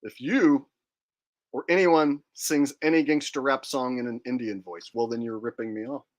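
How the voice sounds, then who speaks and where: A man's voice: mid-range voice, steady tone, moderate pace. Joking man hosting a livestream. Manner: joking, rambling, reads out chat comments. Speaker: livestream host. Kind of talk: casual livestream chat.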